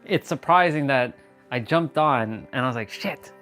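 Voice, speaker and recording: A man's voice: medium pitch, moderate pace, fairly bright tone, faint music behind. A man chatting casually on a phone live stream, goofy and joking, poking fun at himself. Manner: goofy, joking, self-mocking.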